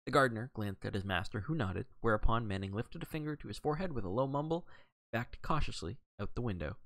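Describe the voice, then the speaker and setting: A man's voice: medium pitch, lively intonation, quick pace, a bit bright, no echo. A man reading a classic mystery novel aloud on a livestream, narrating expressively. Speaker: audiobook reader on a livestream.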